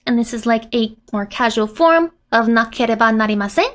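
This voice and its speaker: High-voiced woman explaining manga Japanese. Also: brisk, a bit bright. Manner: playful, laughs often, acts out manga lines. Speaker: Japanese language teacher. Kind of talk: manga-based language lesson.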